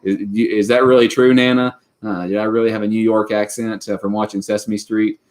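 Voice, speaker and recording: A man's voice: fairly low pitch, flat delivery, a little fast, darkish tone. A Kentucky man in his thirties with a Southern accent, hosting a casual livestream chat and rambling with many fillers. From Western Kentucky. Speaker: livestream host.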